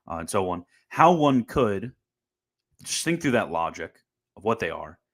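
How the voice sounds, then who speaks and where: Young guy ranting on a livestream, lowish voice, sarcastic, keeps restarting. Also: fairly bright tone. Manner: combative, sarcastic, frequent restarts. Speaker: Catholic commentator. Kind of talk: casual livestream commentary.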